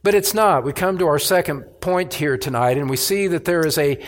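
A man preaching a sermon as pastor, emphatic, with pauses and restarts. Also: fairly high pitch.

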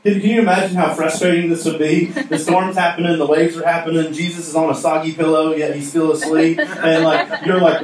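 A man's voice: on the high side, fairly even intonation, fairly quick, hardly any pauses. A man preaching a sermon on stage in a conversational, joking way, asking the audience questions. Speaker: pastor. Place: stage in a church hall. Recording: echoey room from far off with faint noise.

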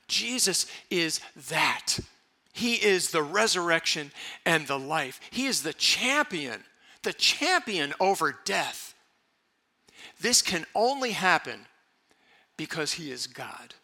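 A man's voice: on the high side, very animated, slow, sharp tone. A man preaching a sermon as pastor, emphatic and repeating his key phrases for weight.

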